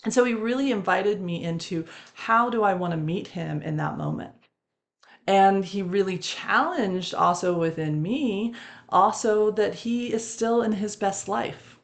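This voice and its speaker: A woman's voice: mid-range voice, unhurried. A woman hosting a reflective spiritual podcast, telling a personal story and laughing often between phrases. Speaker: podcast host.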